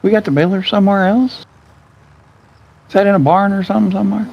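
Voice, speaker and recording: A man playing along in a game session, asking quick, lively questions in casual chat. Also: sits high, gravelly, muffled recording. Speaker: co-player.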